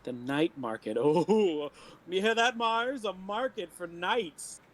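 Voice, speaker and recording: A man's voice: high-pitched, lively intonation, slow pace, slight background noise. A man playing his bard character in a tabletop game, hesitant and quirky, with an oddly formal politeness. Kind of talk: in-character tabletop role-play.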